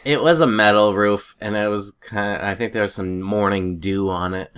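A man's voice: on the low side, steady tone, moderate pace, fairly bright tone, clear, resonant tone. A man in a casual chat, telling rambling stories and chuckling often.

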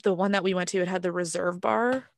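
A woman's voice: on the low side, quick pace, creaky, dry recording. Chatty woman retelling a story. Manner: animated storyteller, acts out quoted dialogue. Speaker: podcast co-host. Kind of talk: casual chat. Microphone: podcast mic.

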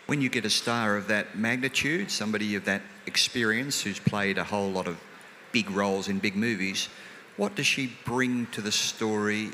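A man interviewing a film director onstage, asking measured questions with a dry wit. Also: fairly low pitch, pushed and bright. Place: hall before a live audience. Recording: long hall reverb, faint noise.

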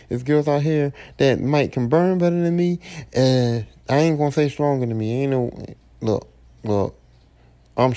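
Man, AAVE speech, gravelly, mellow timbre, brash boastful monologue. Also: on the high side. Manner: blunt, profane, boastful rant. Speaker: podcast host. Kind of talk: solo podcast monologue.

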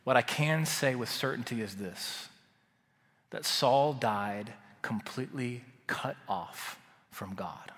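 Slow, deliberate preaching man in a hall. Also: medium pitch. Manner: slow, deliberate preaching with dramatic swells and hushed drops. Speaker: pastor. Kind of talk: sermon.

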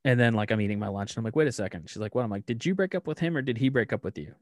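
A man of middle pitch telling stories in a relaxed, deadpan way, acting out each exchange. He is recorded close, with a dry sound. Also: racing, no room sound. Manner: deadpan storyteller who acts out dialogue. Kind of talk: casual chat.

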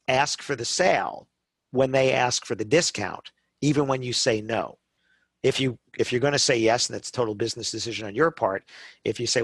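A middle-aged man, a guest talking about the wedding business, tells sales stories on a relaxed podcast with lots of energy, acting out the customers he describes and often tagging a quick "right?". His voice is medium-pitched with a breathy edge. The recording is close and dry, with no room sound.

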